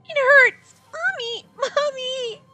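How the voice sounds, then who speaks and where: A woman's voice: slow pace, bright, forceful tone, faint music behind, heavily acted. A woman voicing a small frightened girl who sobs and wails for her mother in a video game. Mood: sobbing, wailing. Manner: wailing, high and shrill.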